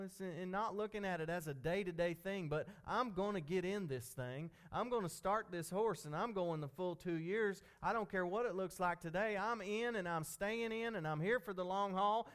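A man's voice: high-pitched, a bit bright. A man preaching an informal, folksy sermon, talking conversationally and repeating himself.

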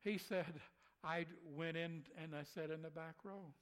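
A man's voice: fairly high pitch, fairly even intonation, a little slow, poor audio. A man, a preacher, telling a story in a folksy way, chuckling and acting out what people said. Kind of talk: telling a personal story in a conversation.

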